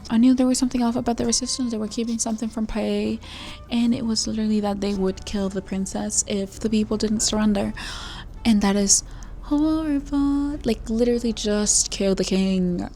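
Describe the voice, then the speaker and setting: A woman book vlogger talking casually as she reads, exclaiming, swearing and rambling out loud at each turn of the story. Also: mid-range voice, vocal fry. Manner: emotional, exclaiming and swearing at plot twists; rambling, thinks aloud with many fillers. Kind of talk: casual reading reaction vlog.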